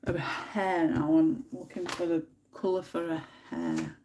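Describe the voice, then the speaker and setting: An English woman hosts a casual colouring stream from home, chatting, laughing a good deal and muttering over her colour picks despite a slight cold. Her low, dark voice swings widely in pitch and moves a little slowly, with slight background noise.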